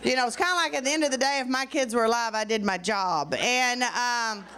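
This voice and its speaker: A woman with a high voice performs stand-up. She talks in a chatty way, dragging out her words and dropping fillers between lines. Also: pushed and bright. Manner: chatty, drawn-out delivery with fillers. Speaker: stand-up comedian. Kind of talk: stand-up routine.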